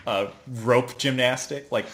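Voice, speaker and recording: A man's voice: medium pitch, a little slow, a bit bright, slight background noise. A man hosting a podcast, chatting casually as he recaps an anime episode, rambling with fillers, laughing often and putting on the characters' lines. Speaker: podcast host.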